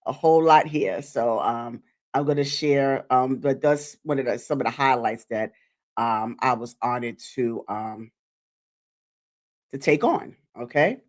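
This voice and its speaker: A woman content creator hosting a live stream, talking directly to her viewers in a chatty, animated way. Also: rumbling low, a little slow. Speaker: YouTube content creator celebrating her channel anniversary.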